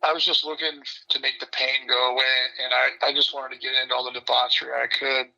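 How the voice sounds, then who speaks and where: A man guest telling his life story candidly, in a blunt and animated way. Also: mid-range voice, fast, vocal fry, rough recording. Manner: blunt and animated, breaks into laughter.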